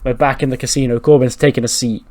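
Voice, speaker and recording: A man's voice: mid-range voice, fairly even intonation, fast, a little mellow. A man hosting a gaming channel, narrating a let's-play in a rambling, casual way, swearing freely and laughing.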